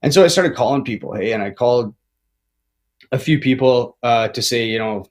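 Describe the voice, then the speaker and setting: Podcast guest, man in his forties, mid-pitched, candid and profane, keeps ending lines with "right?" and "man". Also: moderate pace. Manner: heavy swearing, tags lines with "right?" and "man"; rambling with frequent restarts. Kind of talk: candid recovery storytelling.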